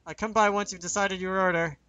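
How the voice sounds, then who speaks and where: A man voicing a nervous young waitress with strained politeness, pitched a little higher than his own voice. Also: fairly even intonation, fairly quick, sharp tone, clean tone. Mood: strained polite.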